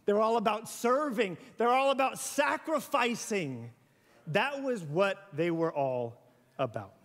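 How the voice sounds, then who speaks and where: A man preaching a sermon in a church, conversational and animated, with playful asides. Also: high-pitched, a little slow. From US South. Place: church sanctuary. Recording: church hall with long reverb.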